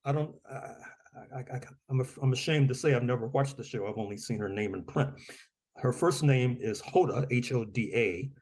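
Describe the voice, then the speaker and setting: A man's voice: medium pitch, moderate pace, a little mellow. A man speaking as an author and guest on a podcast interview, discursive, often repeating his words and giving wry chuckles.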